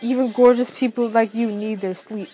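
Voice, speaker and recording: A woman's voice: fairly high pitch, steady tone, normal speed, dark tone, slightly rough, faint music behind, low-quality recording. A woman with a stuffy nose voicing a caring teenage boyfriend in her fan fiction reading, in close to her own voice.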